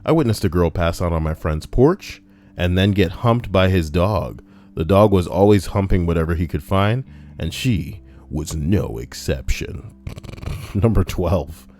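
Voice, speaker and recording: A man's voice: sits low, expressive, unhurried, a little mellow. A man narrating online party stories in a casual, matter-of-fact read. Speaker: narrator reading online posts. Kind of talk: casual story reading.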